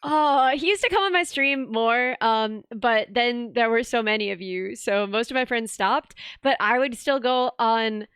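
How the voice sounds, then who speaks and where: A woman's voice: fairly high pitch, measured pace, few pauses, smooth, dry recording, clean studio sound. A woman hosting a live stream, chatting casually and gushing thanks to her donors. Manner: excitable, squealing thanks to donors. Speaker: streamer host.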